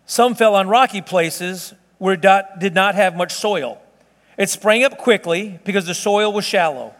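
Folksy preacher man, high-pitched. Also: unhurried, a bit bright, in a large hall. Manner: folksy, chatty teaching with restarts and asides. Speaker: pastor. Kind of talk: sermon.

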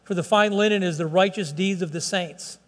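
A high-voiced pastor delivers an earnest, pleading sermon at a fairly quick pace, stumbling and restarting phrases as he goes. His voice rings through a church sanctuary with a long reverb.

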